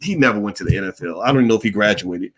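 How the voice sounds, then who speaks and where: A middle-aged man hosting a Q&A stream, telling a story in a blunt, profane, animated way. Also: lowish voice, racing, breathy edge. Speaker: host of a Q&A stream. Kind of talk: candid storytelling monologue.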